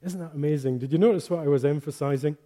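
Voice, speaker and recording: Male pastor, mellow tone, slightly high voice, chatty and joking, reads scripture with emphasis. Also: fast talker. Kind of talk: sermon.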